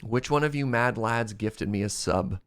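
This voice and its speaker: A man streaming a game, chatting casually and excitably with his viewers, his voice strained from shouting. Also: on the low side, moderate pace, smooth. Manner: excitable, chatty, laughs often. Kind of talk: casual live-stream chat.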